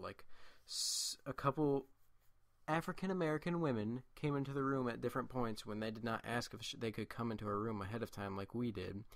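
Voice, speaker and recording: A teenage guy chats over his gameplay in a low voice. He rambles through a school story with constant asides and restarts. His voice is dry and close, with no room sound. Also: no echo. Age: late teens. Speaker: gameplay commentator.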